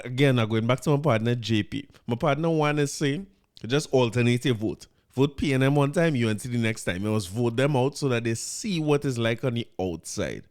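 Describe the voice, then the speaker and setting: A man with a Trinidadian accent hosting a podcast, giving casual commentary in an incredulous tone and repeating words when he gets riled up. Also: a little high. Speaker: podcast host.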